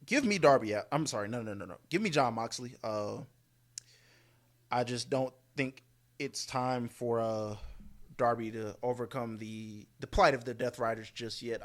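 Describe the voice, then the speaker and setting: A man's voice: medium pitch, moderate pace. A man co-hosting a podcast, giving casual wrestling predictions with hesitant fillers and joking asides. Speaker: podcast co-host.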